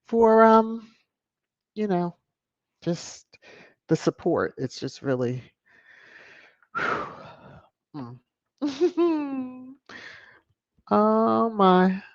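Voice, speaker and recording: A woman's voice: mid-range voice, big pitch swings, extremely slow, long pauses, no echo, muffled recording. A woman hosting a casual livestream, chatting and greeting viewers by name as she reads their comments aloud. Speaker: channel host.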